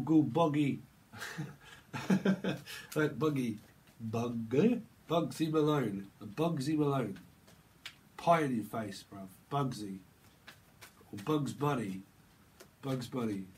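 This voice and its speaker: A man with a medium-pitched, darkish voice and a faint hiss or hum gives a rambling tarot reading to camera. He's playful and free-associating, toying with words and slipping into chuckles and silly voices.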